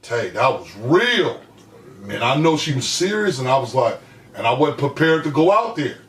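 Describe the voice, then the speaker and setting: A man shares a personal story in relaxed podcast chat. He is emphatic and heartfelt, his voice rising and dropping low as he talks. He sits back from the mic in an echoey room. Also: normal speed, distant mic. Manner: heartfelt, emphatic, swings between loud and hushed. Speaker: podcast co-host.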